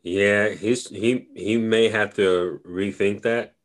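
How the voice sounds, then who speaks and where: Deep-voiced laid-back man. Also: steady tone, slow, a little hiss or hum. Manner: laid-back, rambling, lots of "you know". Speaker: podcast co-host. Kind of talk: casual fantasy football chat.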